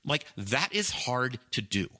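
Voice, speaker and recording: A man co-hosting a podcast, talking in an excitable, emphatic way and often restarting his phrases. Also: medium pitch, slow pace, husky. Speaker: podcast co-host. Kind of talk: casual chat.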